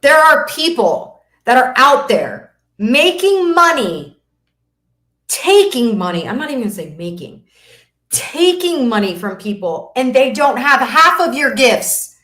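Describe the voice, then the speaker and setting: A woman business coach leads a masterclass in a high, very animated voice with a fairly bright tone, speaking a little slowly. Her motivational webinar talk is faith-driven, emphatic and preachy, and she repeats phrases for effect. The recording has a roomy echo.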